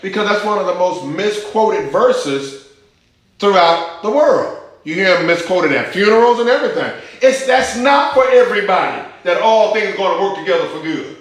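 A man preaching a sermon, teaching scripture with emphasis and asking the congregation questions. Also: sits high. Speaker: pastor. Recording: echoey church hall.

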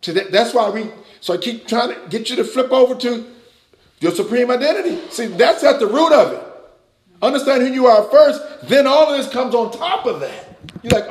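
A man preaching to a Bible class, swinging between loud, emphatic passages and quiet, low asides. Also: expressive, normal speed, echoey room. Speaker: pastor teaching a Bible class. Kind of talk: sermon.

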